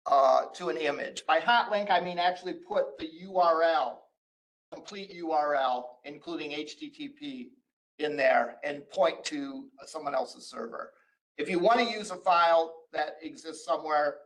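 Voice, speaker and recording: Instructor, male, high-pitched, talks through screen-share code with fillers and restarts. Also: a bit bright, rough recording. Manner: explains step by step, frequent "uh" and restarts. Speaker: college instructor. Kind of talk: recorded screen-share lecture.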